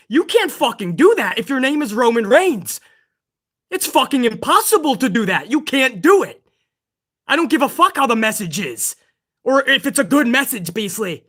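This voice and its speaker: Heated wrestling-stream host ranting, high sharp voice, lots of cursing. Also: normal speed. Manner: excitable. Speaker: host of a pro wrestling livestream. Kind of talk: livestream rant.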